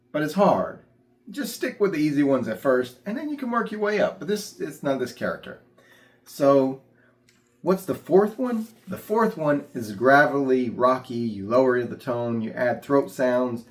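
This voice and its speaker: Brief: plainspoken male teacher, casual how-to delivery, mid pitch. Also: very animated, unhurried. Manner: plainspoken, demonstrates voices. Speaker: puppet ministry teacher. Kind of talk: casual instructional talk.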